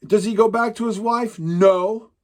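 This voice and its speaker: A man's voice: high voice, fairly even intonation, a little slow. A man preaching a sermon, talking in an emphatic, rambling way with frequent restarts. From Pacific Northwest, United States.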